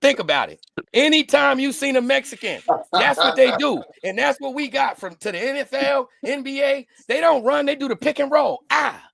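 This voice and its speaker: Animated, gravelly man telling stories. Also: extremely high pitch, moderate pace. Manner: animated storyteller, doing voices. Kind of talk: casual chat.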